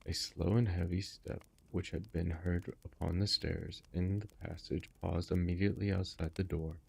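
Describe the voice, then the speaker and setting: A man narrating a classic story in a measured, even manner. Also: low voice, vocal fry, husky. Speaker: audiobook reader. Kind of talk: reading a classic story aloud.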